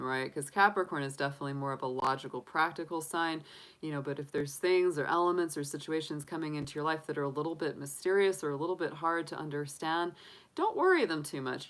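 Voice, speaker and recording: Low-pitched woman, upbeat chatty tarot reader on a casual stream. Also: a bit bright, poor audio. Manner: chatty, upbeat, filler-heavy. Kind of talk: casual livestream reading.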